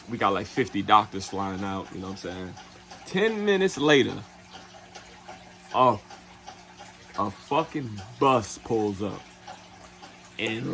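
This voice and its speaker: A travel vlogger, male, spins a casual travel yarn in a loose, profane style, packed with fillers like "you know what I'm saying." He voices other people's lines in quick put-on impressions. His voice is medium-pitched and a touch bright, with faint background noise.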